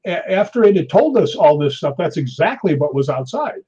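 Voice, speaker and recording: Husky-voiced man telling a lively story. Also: a little high, a little fast. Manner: animated anecdote teller, acts out quotes. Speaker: stunt performer guest. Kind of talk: storytelling in an interview. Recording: dull lo-fi audio.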